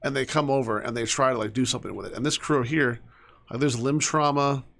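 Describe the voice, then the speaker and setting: A young man giving casual commentary while he plays a game, chatting to his characters and often dropping to soft mutters. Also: medium pitch, fairly quick, gravelly. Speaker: gaming streamer.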